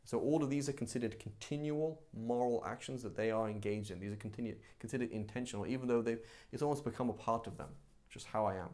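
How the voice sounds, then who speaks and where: Speaking quickly at a medium pitch, this male Islamic teacher runs a live religious class in an animated, conversational style, acting out examples from daily life.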